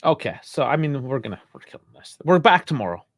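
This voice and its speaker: Male co-host, easygoing chat, mid pitch, dry sound, laughs a lot. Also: fast, no room sound. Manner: relaxed, laughs often. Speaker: podcast co-host. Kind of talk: casual live stream chat.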